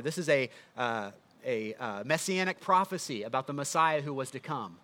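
A man's voice: medium pitch, animated, normal speed, sharp tone. A man preaching a sermon in a conversational teaching manner, often asking the listeners rhetorical questions. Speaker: pastor.

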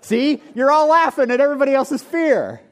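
A man's voice: extremely high pitch, expressive, fairly quick. A man in his forties, a pastor preaching a sermon in a joking, conversational way and talking directly to the congregation. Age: 40s. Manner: joking, conversational, talks to the audience. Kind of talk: sermon with humorous storytelling. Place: church before a live congregation.

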